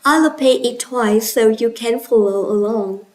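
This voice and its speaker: Slow, high-voiced Vietnamese woman teacher. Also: rough recording. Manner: slow, clear, instructive with praise. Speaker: English teacher. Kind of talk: classroom lesson.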